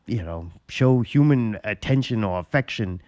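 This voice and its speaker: A man's voice: lowish voice, animated, moderate pace, darkish tone, no room sound. Rambling, profane talk-show man. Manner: rambling storyteller, swears a lot. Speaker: podcast host. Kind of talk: casual profane chat.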